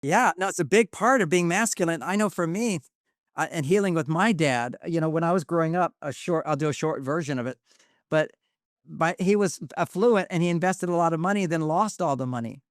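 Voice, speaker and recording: A man's voice: on the high side, fairly quick, dry recording, studio quality. An older man, a guest relationship expert, telling personal stories in an earnest, confiding way that circles back and restarts. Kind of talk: reflective personal storytelling.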